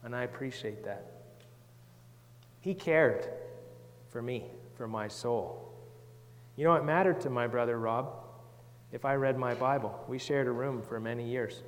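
Gentle man teaching children in a hall. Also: medium pitch, unhurried, long pauses. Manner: gentle, reads scripture aloud, asks the children questions. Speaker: children's Sunday school teacher. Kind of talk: children's Bible talk.

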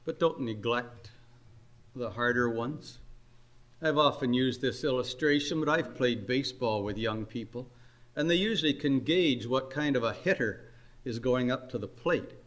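An older man preaching a sermon, earnest and unhurried, his voice climbing on emphatic questions. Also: medium pitch, fairly bright tone. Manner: earnest, slow exhortation with rising emphatic questions.

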